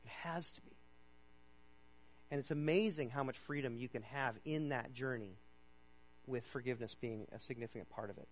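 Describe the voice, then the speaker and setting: A pastor preaching a sermon in a casual, conversational way. He keeps checking in with "okay?" and swings between loud, emphatic reading and low, quiet urging. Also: moderate pace, pauses often, low-quality recording.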